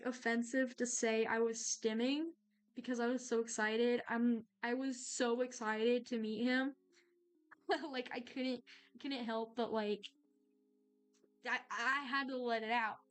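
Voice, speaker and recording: A young adult woman chatting casually while she draws on stream, excitable and gushing, rambling with lots of fillers. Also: fairly high pitch, smooth. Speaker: art streamer. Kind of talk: casual chat while drawing.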